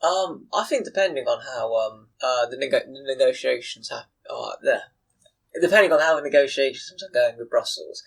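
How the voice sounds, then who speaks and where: A man's voice: mid-range voice, lively intonation, normal speed, gravelly, slightly rough, poor audio. A young British man co-hosting a casual podcast chat with friends, explaining at length with plenty of ums and uhs. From United Kingdom. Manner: chatty, hesitant with many fillers, explains at length. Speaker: podcast co-host.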